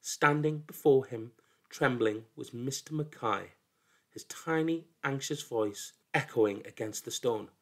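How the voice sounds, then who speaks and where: A man narrating a folk tale in an expressive, dramatic storybook reading that drops into hushed lows. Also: unhurried.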